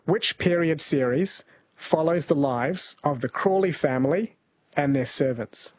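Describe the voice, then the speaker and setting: A New man hosting a radio quiz, chatty and quick to laugh as he reads listener texts. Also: a little high, darkish tone. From New Zealand. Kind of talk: casual radio chat. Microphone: studio microphone.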